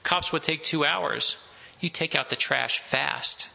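Pushy middle-aged manager, bright and forceful; man voicing him in a reading. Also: a little high, takes it slowly, creaky, exaggerated voice. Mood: offhand. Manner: pushy, street-smart. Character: blunt middle-aged male restaurant manager.

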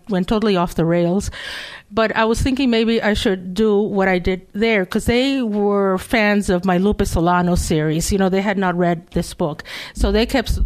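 A woman's voice: mid-range voice, darkish tone. A chatty woman author born in Cuba, speaking at a bookstore reading. She talks casually, full of fillers and self-deprecating asides, and laughs often.

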